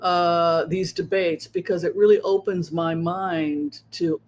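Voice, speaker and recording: High-voiced man in rhetorical commentary. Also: measured pace, hardly any pauses. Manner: rhetorical, keeps asking "right?". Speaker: psychic show host. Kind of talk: livestream political commentary.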